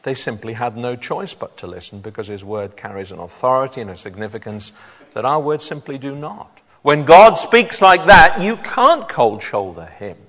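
Preacher with a long hall echo. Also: male voice, mid-range voice, animated, moderate pace, a bit bright. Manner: reads scripture aloud, then explains it to the congregation. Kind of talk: sermon.

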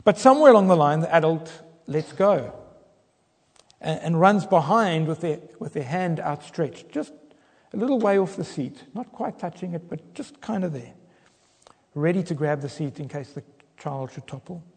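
A man preaching in a hall with a long, ringing reverb. His voice sits a little high for a man, and his delivery turns dramatic, swelling into fervent cries as he quotes pleading prayers. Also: lively intonation, normal speed, creaky, breathy edge. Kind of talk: sermon.

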